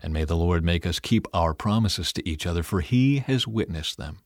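A man with a fairly low voice reads scripture in a measured, earnest way, speaking the dialogue as well as the narration. The sound is dry and close, with no room around it. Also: lively intonation, no room sound. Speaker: scripture reader. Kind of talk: scripted Bible reading.

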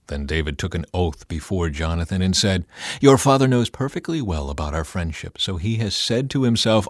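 A man giving a measured, earnest reading of a Bible passage, speaking both the narration and the dialogue. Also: fairly low pitch, lively intonation, no echo, studio quality. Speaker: scripture reader.

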